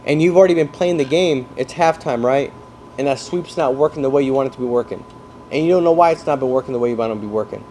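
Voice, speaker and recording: A man coaching salespeople in an energetic talk, explaining through football comparisons and often checking that his listeners follow. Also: mid-range voice, quick pace, slight background noise. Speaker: sales trainer.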